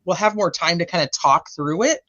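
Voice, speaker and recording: A man's voice: high voice, brisk, bright, forceful tone, no room sound. Chatty man hosting a live stream. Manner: chatty, rambling, affectionate sign-offs. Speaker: host of a true crime live stream. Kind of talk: casual chat on a live stream. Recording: dull dry lo-fi sound.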